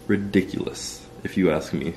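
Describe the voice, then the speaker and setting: Talking to the camera, a young Canadian vlogger casually recounts something that happened to him, swearing loosely and saying "like" a lot. He has a low, darkish voice with a steady tone and moderate pace, and there's a bit of hiss or hum.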